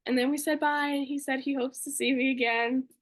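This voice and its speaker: A woman's voice: high voice, fairly even intonation, fairly quick. A young woman co-hosting a podcast, telling a story casually and gushing, with lots of fillers. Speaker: podcast co-host.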